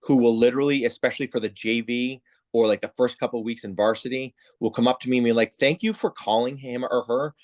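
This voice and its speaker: A man who heads volleyball officiating, telling stories in a casual interview and acting out the people he quotes. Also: mid-range voice. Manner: animated storyteller, acts out quoted voices. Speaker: head of volleyball officials, guest.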